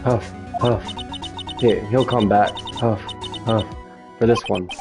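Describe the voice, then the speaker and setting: A bad-tempered old woman puffs and wheezes through every few words, as a man puts her on. Her voice has a gravelly edge, and game music plays under it. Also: lowish voice, fairly even intonation, slow pace. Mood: huffing, grumpy. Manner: wheezes "huff, puff" between words. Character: cranky huffing old woman guard.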